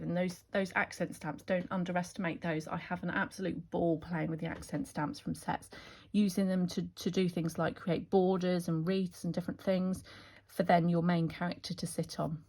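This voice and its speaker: A woman's voice: on the low side, slight background noise. A woman chatting enthusiastically as she shows off her craft stamp designs, with fillers and restarts. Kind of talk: casual product walkthrough.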